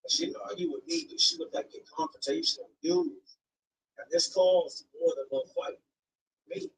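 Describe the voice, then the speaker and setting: A man's voice: fairly high pitch, normal speed, distant mic, a little hiss or hum, low-quality recording. A man telling a personal story on a stream, casual and slangy, acting out what people said. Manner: animated, slangy, acts out quoted lines.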